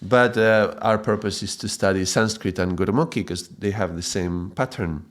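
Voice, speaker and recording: A man explains a lesson in a somewhat low voice. He talks haltingly, repeating and restarting words and checking in with a quick "yeah?" as he goes. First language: Spanish. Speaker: mantra teacher.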